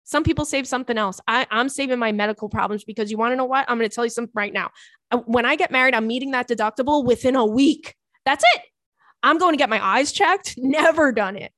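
A young woman hosts a podcast, chatting casually and reading listener messages with profane, animated asides and quick put-on voices. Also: a little high, dry recording, clean studio sound. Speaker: podcast host.

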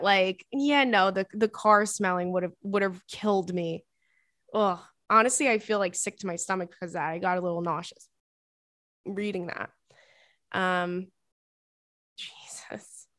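A woman podcast host reading a listener's email aloud in casual chat, expressive and dramatic with exasperated asides. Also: mid-range voice, normal speed, no echo, studio quality.

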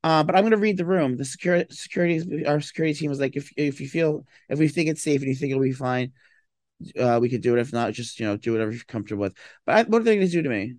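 Groggy and slow after a late night out, a man rambles in casual chat, packing in fillers and bursts of mock toughness. His voice is on the high side with a darkish tone, recorded at studio quality with no echo.

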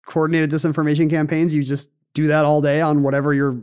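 A man's voice: a little high, completely flat delivery, fast, darkish tone, clear, resonant tone. A man hosting a casual chat, explaining a story in a wry, conversational way with dry asides.

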